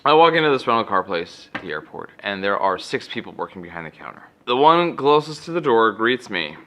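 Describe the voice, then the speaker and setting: A man from California, telling a comic story in a rambling, deadpan way from a hotel room. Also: fairly low pitch, fairly quick, slight background noise. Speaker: comedic vlogger. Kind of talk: comedic storytelling.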